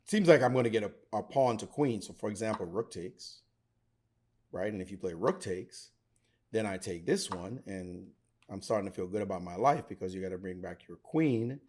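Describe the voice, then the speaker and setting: A middle-aged man teaching chess, excitable and theatrical, talking straight to the viewer. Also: fairly low pitch, moderate pace. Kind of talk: animated chess commentary.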